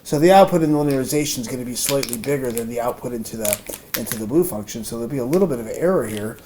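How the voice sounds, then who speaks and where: Man explaining math at a board, halting and thinking aloud, audible background noise. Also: mid-range voice, expressive. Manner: thinks aloud with many fillers and restarts. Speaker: math teacher. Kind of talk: informal whiteboard math lesson. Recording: noisy room recording.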